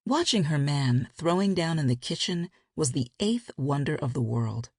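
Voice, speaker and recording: Gravelly, husky woman audiobook narrator. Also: low-pitched, big pitch swings, moderate pace, hardly any pauses, darkish tone, dry recording, clean studio sound. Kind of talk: scripted romance narration.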